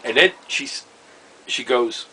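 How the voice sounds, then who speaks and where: A man, telling a personal story in a rambling, halting way, full of fillers and wry chuckles. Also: medium pitch, animated, sharp tone, a little hiss or hum, rough recording. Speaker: vlogger. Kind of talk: casual storytelling monologue.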